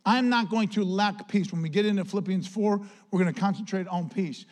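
High-voiced impassioned male pastor. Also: fairly quick. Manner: impassioned, rising to near-shouts when quoting Paul; conversational asides and jokes. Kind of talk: sermon.

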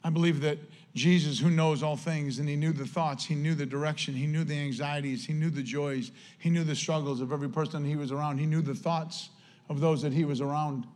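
A male pastor preaches in an earnest, conversational way, turning often to address the church directly. His voice sits fairly high for a man. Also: steady tone, brisk, darkish tone. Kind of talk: sermon.

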